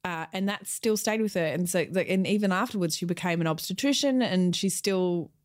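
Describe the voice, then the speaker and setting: A woman's voice: lowish voice, a little fast. A woman co-hosting a studio podcast, chatting casually and rambling with lots of fillers. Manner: rambling, many fillers, quotes others in lively voices. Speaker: podcast co-host. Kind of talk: casual chat.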